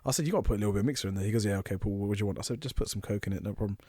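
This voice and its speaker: With a fairly low, slightly breathy voice, a man on a podcast tells boozy stories at speed, bringing the dialogue to life as he goes. He's one of the co-hosts, and the studio recording carries no echo.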